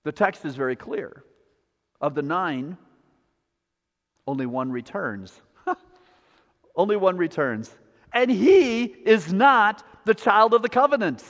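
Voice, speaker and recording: A man preaching a sermon in a church sanctuary, his voice sitting a bit high for a man. He repeats lines in a steady preaching cadence and sometimes falls to a hushed, low tone. A long reverb from the hall hangs after his words. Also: slow, long pauses. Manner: repetitive preaching cadence, drops to quiet. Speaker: pastor.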